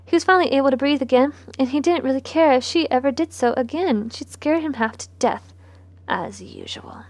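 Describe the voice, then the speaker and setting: A woman narrating a historical romance aloud, her voice soft and sometimes dropping to a whisper. She sits a little higher in pitch than most women. The sound is close and dry with no room. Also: lively intonation, a little fast, no room sound. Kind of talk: novel read aloud.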